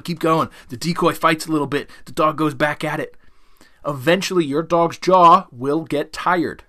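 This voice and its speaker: A middle-aged man, a dog trainer, explaining his method in an animated, coaxing podcast talk that keeps checking in with the listener. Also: on the high side.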